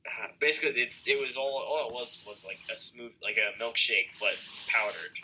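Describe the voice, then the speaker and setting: A man's voice: medium pitch, fairly even intonation, a little fast, bright, forceful tone, slight background noise, rough recording. A young man co-hosting a podcast over a video call, chatting casually and rambling with lots of fillers and restarts. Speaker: podcast co-host. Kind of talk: casual chat.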